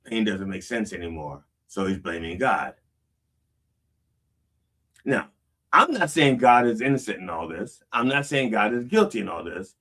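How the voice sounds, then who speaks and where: A man's voice: fairly low pitch, very animated, normal speed, long pauses, fairly bright tone, far from the mic. A man preaching a casual sermon, reading song lyrics aloud and explaining them with frequent "okay?" checks. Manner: conversational, reads lyrics aloud then unpacks them. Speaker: pastor.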